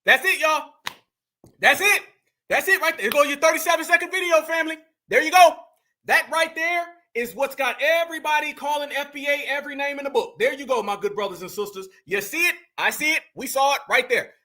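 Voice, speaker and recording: American commentary host, very high bright voice, heated repeating rant. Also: male voice, fairly quick. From United States. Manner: animated, heated, repetitive and profane. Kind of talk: reaction commentary to a live chat.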